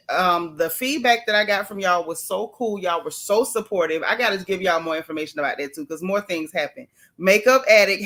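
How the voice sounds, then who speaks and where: A woman's voice: mid-range voice, a bit bright. A woman hosting a casual live stream from home, chatting playfully with viewers and greeting each one by name. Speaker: livestream host. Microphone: camera close-up.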